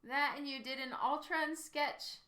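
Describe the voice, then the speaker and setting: Woman in her 30s, giggly streamer chatting with viewers while drawing; unhurried, roomy echo. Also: high-pitched, fairly even intonation, bright, forceful tone. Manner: giggly, chatty, reads chat aloud. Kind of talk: casual chat with live-stream viewers.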